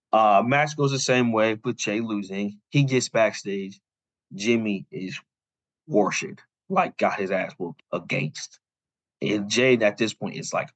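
A young adult man with a fairly low voice tells a long story in a loose, rambling way, dropping "like" into nearly every line. His voice is recorded close and dry, with almost no room sound. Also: no echo, rough recording. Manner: rambling, heavy on "like" fillers. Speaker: podcast co-host. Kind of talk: casual storytelling recap.

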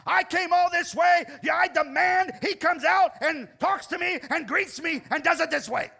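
A haughty army commander, as a man preaching puts him on, full of himself and demanding respect. His husky, bright voice swings high and low as he boasts. It sounds like a sermon, not a staged play. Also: huge pitch swings, a little slow, full character voice. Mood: furious demanding. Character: proud, indignant ancient army commander, man.

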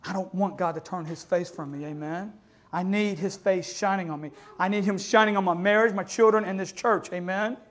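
A pastor delivering an impassioned sermon in a church, moving between loud exhortation and hushed storytelling and often asking his listeners for an amen. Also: sits high, steady tone, a little fast. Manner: calls listeners "family" and keeps asking "amen?". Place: church sanctuary.

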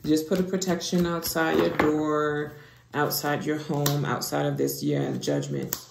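A woman giving a casual tarot reading to her viewers, expressive, dropping into hushed whispers and rising into excited exclamations. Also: low voice, unhurried, vocal fry. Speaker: tarot reader. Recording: echoey room with background noise.

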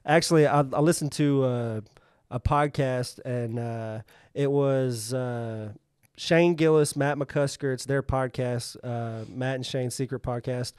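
A man co-hosting a podcast, with a smooth, clear voice recorded close and dry. He rambles casually and stops and starts his sentences with lots of filler. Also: medium pitch, fairly even intonation, a little mellow, no echo. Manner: rambling, halting, many fillers. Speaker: podcast co-host. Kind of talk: casual chat.

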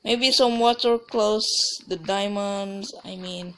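Slow-talking woman narrating her gameplay. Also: medium pitch, steady tone, slight background noise. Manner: rambling, restarts and trails off mid-sentence. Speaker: let's play gamer. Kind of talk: casual gameplay commentary.

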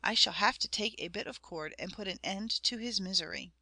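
Brief: a woman doing a sorrowful old country shepherd, rustic speech, bright ringing tone, dry close sound. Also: sits high, fairly quick, creaky, no room sound, heavily acted. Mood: grieving.

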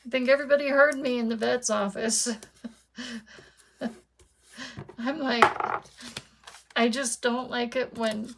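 A woman's voice: on the high side, background noise. A woman chatting casually to her viewers while she demonstrates card making at her craft desk.

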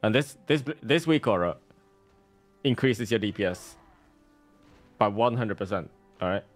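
A man's voice: lowish voice, animated, a little slow, faint music behind. A man streaming a game, giving casual, sarcastic commentary with a salty edge.

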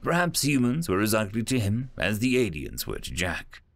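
A man narrating a story in an animated, scripted way. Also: fairly low pitch, normal speed, vocal fry, no echo.

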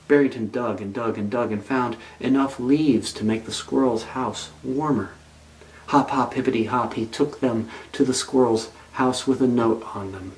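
A man's voice: medium pitch, moderate pace, slight background noise, poor audio. A male pastor telling a children's story as part of his sermon, reading it aloud expressively.

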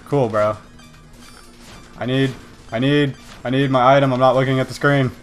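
A man's voice: mid-range voice, fairly even intonation, normal speed, soft background music. Rambling, jokey young man gaming. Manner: rambling, self-deprecating, jokey. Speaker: gaming video host. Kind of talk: casual let's-play commentary.

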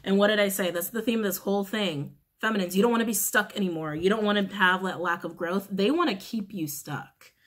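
Woman, tarot reader, casual reading, blunt, frank, exasperated, curses, repeats phrases, clears throat. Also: medium pitch, fairly even intonation, fast talker, hardly any pauses, fairly bright tone.

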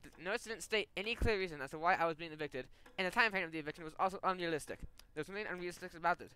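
A man's voice: high-pitched, rapid-fire, bright, forceful tone, clean tone, pitched above the performer's own voice. A man voicing a determined young mother who pleads her case earnestly in a game story.

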